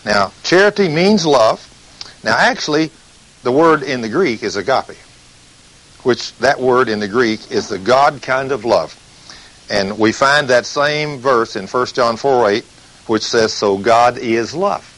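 A man preaching a sermon, reading scripture slowly and telling stories with emphasis. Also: mid-range voice, a bit bright, rough recording.

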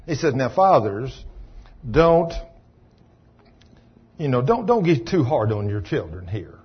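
A man preaching a folksy, storytelling sermon in a colloquial, animated way. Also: mid-range voice, takes it slowly, pauses often, breathy edge, highs cut off. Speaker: pastor.

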